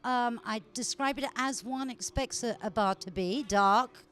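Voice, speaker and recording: A woman's voice: fairly high pitch, measured pace, a bit bright, clean tone. An older woman comedian guest in a bar, talking in a mock-posh, theatrical way. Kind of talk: casual podcast interview.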